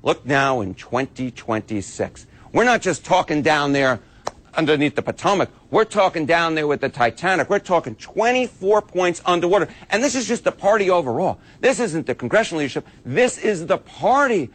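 A man explains poll numbers on television with a fairly high, animated voice. He is emphatic and leans on repeated words to drive his points home. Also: moderate pace. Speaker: political data analyst. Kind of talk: on-air explanation.

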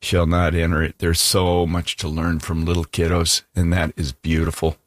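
A man's voice: deep voice, monotone, normal speed. A man hosting a call-in radio talk show, responding to callers with enthusiasm. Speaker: radio host.

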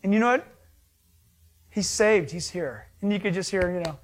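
A man, a pastor, preaching a sermon, lively and joking, acting out little scenes with voices. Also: high-pitched, moderate pace, slight background noise. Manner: animated, acts out voices and jokes with the audience.

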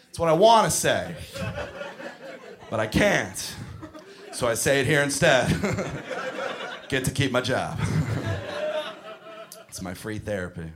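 A man in his thirties doing a stand-up comedy set, telling stories with animated delivery and bursts of shouting. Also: mid-range voice, takes it slowly, long pauses, crowd noise. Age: 30s.

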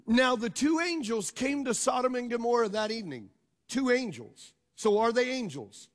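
With a very high voice and a moderate pace, a middle-aged male pastor shares a personal story from the pulpit. His telling is animated, and he repeatedly engages the congregation with questions.

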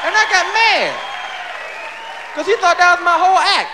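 A man telling a stand-up story, animated and loud, shouting punchlines and acting out characters. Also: very high voice, normal speed, long pauses, a crowd in the background, noisy background. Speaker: stand-up comedian.

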